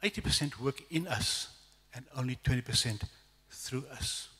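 A middle-aged man with a South African accent, telling a lively, self-deprecating testimony as a guest preacher at a church evening service. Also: mid-range voice, normal speed, slightly rough. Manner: storytelling, animated, self-deprecating humor. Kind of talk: testimony sermon. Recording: echoey church hall reverb.

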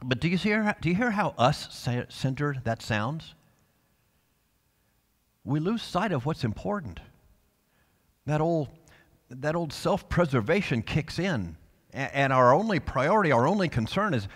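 A male pastor preaching a sermon with passion, dropping to soft tones and then rising to loud calls. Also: a little high, sing-song, measured pace, pauses often, in a large hall. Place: church sanctuary.

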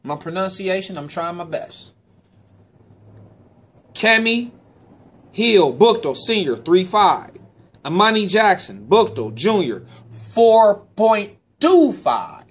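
Man, sports talk host and parent, slightly high voice, loose animated delivery, repeats himself, casual shout-outs. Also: slow, long pauses. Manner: animated, repeats words, stumbles on names.

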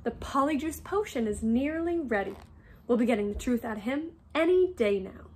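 A woman's voice: on the high side, lively intonation, a little mellow, husky. A woman reading aloud as a clever schoolgirl witch who sounds pleased with herself. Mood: satisfied. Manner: satisfied, brisk.

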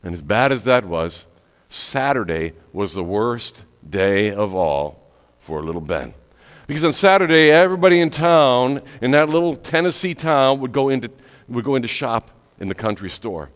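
A male pastor telling a story in a sermon, with dramatic pauses and whispery drops on key words. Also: medium pitch, sing-song. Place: church sanctuary. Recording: echoey church hall with long reverb.

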